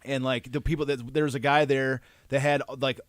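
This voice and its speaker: A man co-hosting a podcast, telling rambling anecdotes with many restarts and fillers, getting animated and laughing as he tells them. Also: medium pitch, normal speed, dry recording. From Detroit area. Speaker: podcast co-host. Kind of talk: casual chat.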